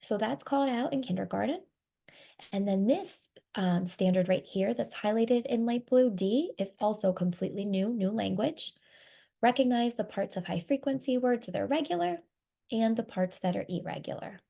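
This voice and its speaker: Female webinar presenter, explanatory, slightly fried low-warmth tone. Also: normal speed, creaky. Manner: explanatory, walks through slides. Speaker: reading instruction director.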